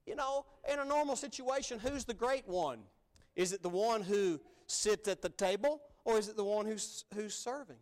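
A male pastor preaching a sermon in an animated, emphatic way, acting out the scripture he reads. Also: high-pitched.

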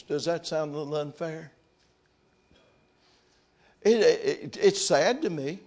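A man preaching a sermon, reading scripture aloud and then commenting on it in quieter, reflective asides. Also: on the high side, slow pace, pauses often.

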